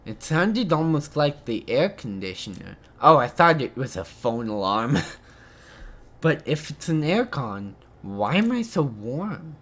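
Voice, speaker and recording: A gamer reading every line of a visual novel aloud, with excited, stammering reactions between lines. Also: mid-range voice, measured pace. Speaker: let's play gamer.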